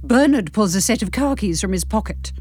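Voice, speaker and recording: Expressive woman reading a novel. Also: medium pitch, a little fast, slightly rough, dry recording. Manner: expressive, playful, first-person storytelling. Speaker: audiobook narrator. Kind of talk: reading a novel aloud, casual asides.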